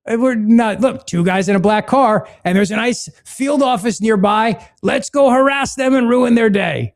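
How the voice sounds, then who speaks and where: A man's voice: sits high, normal speed, gravelly. A man hosting a political talk podcast, sarcastic and mocking in a casual chat. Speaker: podcast host.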